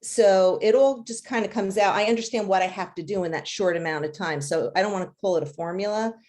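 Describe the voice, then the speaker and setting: A children's book author answers interview questions chattily, with lots of fillers and light laughter. She has a medium-pitched, darkish voice and talks a little fast.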